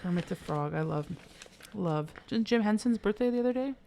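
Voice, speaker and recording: A woman's voice: medium pitch, lively intonation, fairly quick, gravelly, dark tone, a little hiss or hum. A middle-aged woman co-hosting a podcast, telling candid stories in casual chat, peppered with "like" and the odd swear word. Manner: candid storytelling, frequent "like", occasional swearing. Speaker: podcast co-host.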